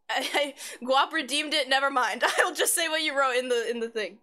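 Faint background music accompanies a woman streamer whose high-pitched voice is bright and forceful at a normal speed. She reads her chat aloud in casual conversation, swears without restraint, and giggles frequently.

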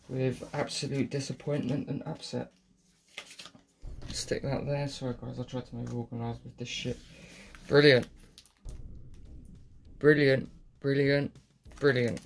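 A man's voice: medium pitch, gravelly, slight background noise. A man giving casual, sweary running commentary while opening card packs, muttering and joking to himself. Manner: sweary, muttering, jokey asides. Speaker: card pack opener.

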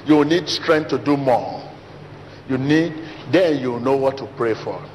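A pastor delivers an emphatic, repetitive sermon in a large church hall, his voice climbing to a high pitch. He speaks at a measured pace in a slightly mellow tone, and the muffled recording carries long hall reverb and faint noise.

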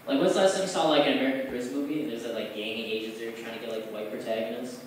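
A young man doing stand-up at an open mic in a bar, rambling loosely with lots of fillers and now and then jumping into loud put-on voices. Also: mid-range voice, fairly even intonation, racing. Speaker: stand-up comic. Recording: echoey bar room, far from the mic, noisy.

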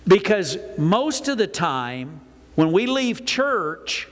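Older male pastor, folksy sermon delivery, slightly high voice, reverberant church hall. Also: takes it slowly. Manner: folksy, animated preaching with acted-out asides. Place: church sanctuary.

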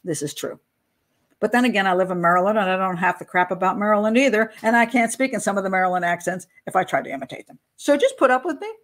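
A woman's voice: medium pitch, lively intonation, racing, few pauses. A woman hosting a casual commentary show as a criminal profiler. She talks loosely to camera, rambles and teases herself as she searches aloud for her material. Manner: rambling, searching aloud for notes, self-deprecating.

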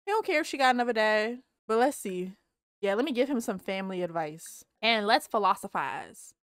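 High, lively woman gaming commentator. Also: brisk, smooth, no room sound, studio quality. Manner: animated, talks to viewers, swears and laughs a lot. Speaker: Let's Play creator. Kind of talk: casual gameplay commentary.

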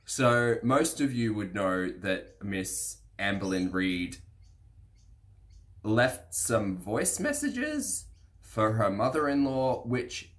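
A man hosting a reaction vlog, talking to camera in a measured, hesitant way, his voice slightly croaky and congested. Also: fairly low pitch, a bit bright. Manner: measured, hesitant with many fillers. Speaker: reaction channel host. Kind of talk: casual commentary to camera.

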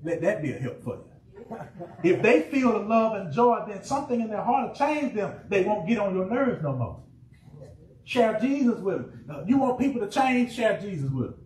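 A fervent pastor preaches in a high, ringing voice, throwing refrains back and forth with his congregation. The sound is roomy and a little distant, with a faint hum of church ambience behind him. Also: moderate pace. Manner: preacherly call-and-response, rising excitement, shouted refrains. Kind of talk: sermon. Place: church sanctuary.

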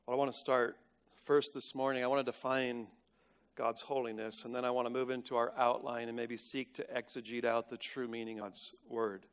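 Male pastor giving a sermon, earnest, gets loud then goes quiet again. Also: mid-range voice, little pitch movement, a little fast, clean tone. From United States. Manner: earnest, builds to loud emphatic peaks then drops to a hush.

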